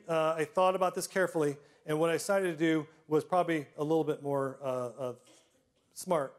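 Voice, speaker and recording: A middle-aged man telling personal stories to a live audience, self-deprecating, with comic timing and frequent throat clearing. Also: fairly high pitch. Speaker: storyteller.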